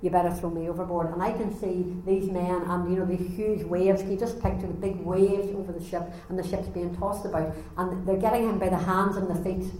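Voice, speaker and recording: A woman's voice: fairly low pitch, normal speed, few pauses, slight background noise. Woman preaching in an echoey room. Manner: animated storytelling, acting out voices. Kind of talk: sermon. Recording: echoey room, faint ambience.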